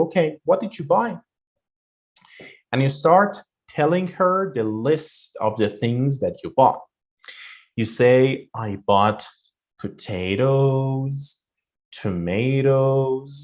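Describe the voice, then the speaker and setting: A man teaching an English exam lesson online, explaining pronunciation with example phrases and frequent fillers. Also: lowish voice. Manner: explanatory, demonstrates rising and falling intonation.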